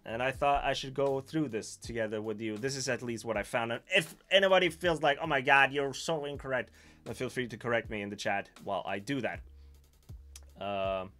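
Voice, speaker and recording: A man's voice: medium pitch, a little fast, fairly bright tone, soft background music. A man with a Swedish accent, a native Swedish speaker, hosting a casual livestream and musing aloud in a self-mocking way while reading from the chat. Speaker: livestream host.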